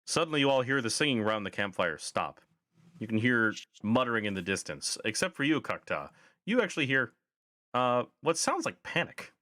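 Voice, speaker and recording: A man's voice: medium pitch, big pitch swings, a little fast, pushed and bright, dry recording. Man, game master, tabletop narration, fillers, dry. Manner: descriptive with frequent fillers.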